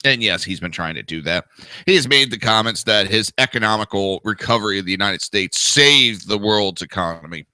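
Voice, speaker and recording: A man's voice: lowish voice, lively intonation, fairly quick, pushed and bright, no echo. A man in his thirties hosting a talk show, giving crude, profane and sarcastic ranting commentary.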